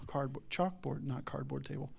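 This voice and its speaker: A man's voice: medium pitch, steady tone, normal speed, creaky. A middle-aged man preaching a casual sermon, chatty and rambling, laughing often and acting out voices in his stories. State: has a daughter.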